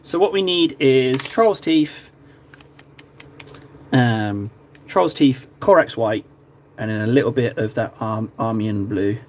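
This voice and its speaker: A man's voice: mid-range voice, takes it slowly, pauses often, a little mellow, a little hiss or hum. A chatty, jokey man from Cornwall, talking casually to viewers while painting on a live stream. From Cornwall, England.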